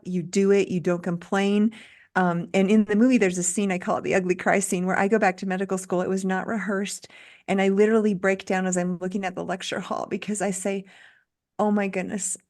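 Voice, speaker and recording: A woman's voice: mid-range voice, darkish tone. A middle-aged woman, a doctor being interviewed, talking earnestly and encouragingly as she lays out lessons step by step. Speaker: guest doctor. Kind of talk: interview conversation.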